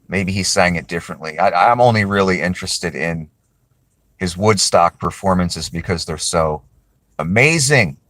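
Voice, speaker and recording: A man with a lowish voice rambles through a casual chat to camera, often circling back and apologizing. The sound is close and dry, with no room around it. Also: fairly bright tone, dry recording. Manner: rambling, apologetic, self-correcting. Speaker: video creator.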